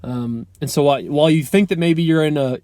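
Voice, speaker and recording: Young guy rambling motivational vlog, lots of ums, bit high voice, dry close sound. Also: brisk, mellow, no echo. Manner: rambling, many ums and restarts; earnest, motivational. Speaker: vlogger. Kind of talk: casual unscripted vlog talk.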